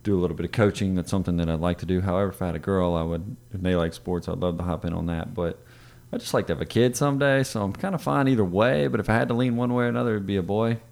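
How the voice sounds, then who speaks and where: An easygoing young man with a very deep voice, chatting as a podcast co-host. He speaks in a low-key, relaxed way. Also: rapid-fire, vocal fry, few pauses. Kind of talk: casual chat.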